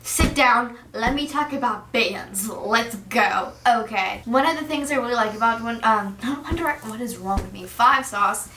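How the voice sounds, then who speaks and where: A teenage girl vlogging as an excited fan, gushing and saying "like" constantly. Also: a little high, a little slow, few pauses, roomy sound, distant mic, noisy background. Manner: gushing, giddy, says "like" constantly. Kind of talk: excited fan chat to camera.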